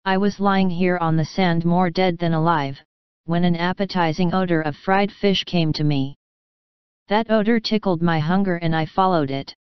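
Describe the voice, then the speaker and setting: A woman reading the lines of a kindly, grateful male dog in a storybook, speaking in a gentle, measured way. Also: on the low side, smooth, no echo, lo-fi sound, lightly acted.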